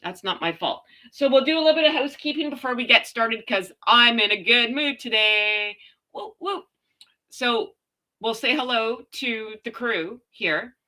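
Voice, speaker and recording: A Canadian woman hosting a casual live chat from home, chatty and quick to laugh as she talks to her viewers and her dogs. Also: fairly high pitch, bright, forceful tone. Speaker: livestream host.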